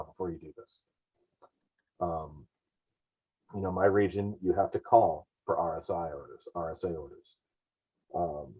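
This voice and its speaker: Husky low-voiced paramedic explaining. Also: male voice. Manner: rambling, explanatory, self-correcting. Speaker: paramedic guest. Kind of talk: podcast discussion. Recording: dull lo-fi podcast audio.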